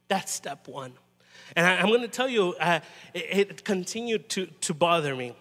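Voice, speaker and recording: A man preaching a sermon in a conversational, halting way, often restarting and adding "you know". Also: high voice, lively intonation, a bit bright, long reverb tail. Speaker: pastor.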